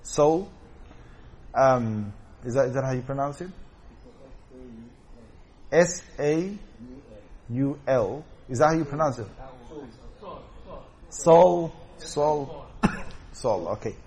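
A man's voice: mid-range voice, expressive, takes it slowly, pauses often, darkish tone. A man teaching a scripture commentary lesson in an explanatory way, often checking in with his listeners. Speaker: religious teacher.

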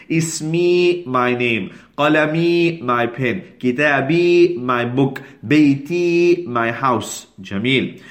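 A man teaching an Arabic lesson to a class, patient and repeating each phrase slowly. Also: medium pitch.

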